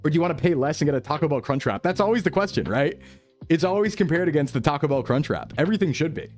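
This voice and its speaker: A man's voice: on the high side, lively intonation, fast, faint music behind. A man streaming live, chatting casually with viewers in a rambling, upbeat way and often repeating himself.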